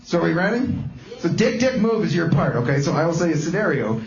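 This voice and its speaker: A man's voice: a little high, sing-song, fast, reverberant, muffled recording. A man doing live stand-up comedy with a guitar, telling a story in rambling bursts full of restarts. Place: small comedy club.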